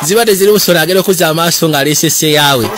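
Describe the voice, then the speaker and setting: A man with a Ugandan accent narrating and translating a film, excited and often shouting. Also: fairly high pitch, very fast, background noise. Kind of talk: lively voice-over commentary on a film. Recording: film soundtrack music underneath.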